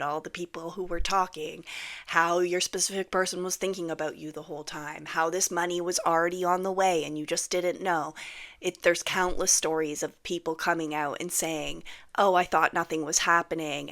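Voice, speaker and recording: A woman giving casual, blunt manifestation advice to camera, swearing freely and sometimes dropping into soft whispers for emphasis. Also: on the low side. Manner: blunt and sassy, frequent swearing, mocking quoted voices. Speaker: manifestation coach. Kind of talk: casual talking-head advice.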